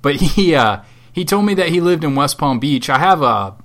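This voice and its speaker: A man's voice: a little high, expressive, normal speed, fairly bright tone. A man co-hosting a podcast from Southwest Florida, chatting casually in a rambling, sardonic and profane way. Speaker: podcast co-host. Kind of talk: casual chat.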